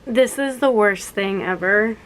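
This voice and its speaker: A woman's voice: mid-range voice, a little slow, slight background noise. A woman of twenty-one chatting to camera as a vlogger, rambling and correcting herself as she goes. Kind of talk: casual chat to camera.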